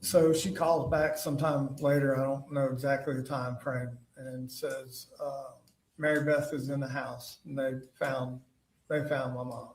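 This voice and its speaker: A man testifying as a witness in court, halting and full of fillers and restarts. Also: medium pitch, level tone. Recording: echoey courtroom audio from far off.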